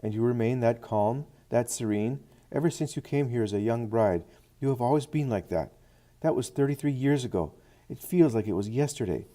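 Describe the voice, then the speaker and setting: A man's voice: medium pitch, moderate pace, dark tone, pitched above the performer's own voice, natural voice. A man voicing an anxious older woman. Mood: incredulous.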